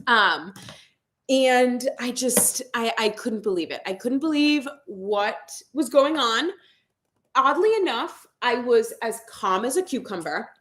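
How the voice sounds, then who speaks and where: A woman's voice: on the high side, animated, takes it slowly, fairly bright tone. A young woman vlogger casually chatting to her viewers and telling a story, acting out what people said. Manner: chatty storytelling, acts out quotes. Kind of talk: casual livestream chat.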